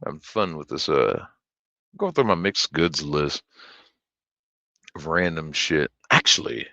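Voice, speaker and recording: A man's voice: extremely low pitch, expressive, unhurried, creaky, sharp tone, dry recording. A man streaming, telling rambling stories with lots of swearing and fillers. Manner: profane, rambling, with many fillers. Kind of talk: casual storytelling chat.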